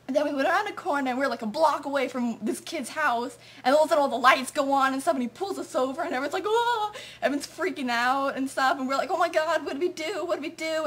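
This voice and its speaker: A woman's voice: sits high, fairly bright tone. A woman telling a story in a casual confessional way, rambling along and filling it with "like" and "and so". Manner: rambling, lots of "like" and "and so".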